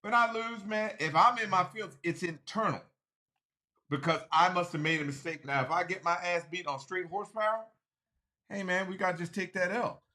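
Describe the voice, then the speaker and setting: A man on a racing talk show telling his side of an argument in profane, animated casual chat. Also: sits high, a little fast. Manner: animated, profane, talks over others.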